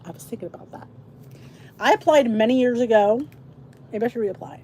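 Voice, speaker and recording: A woman's voice: a little high, fairly quick, darkish tone, a little hiss or hum. A middle-aged woman hosting a casual livestream, chatting in a rambling, tired-sounding way to her viewers. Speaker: livestream host. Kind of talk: casual chat to a live audience.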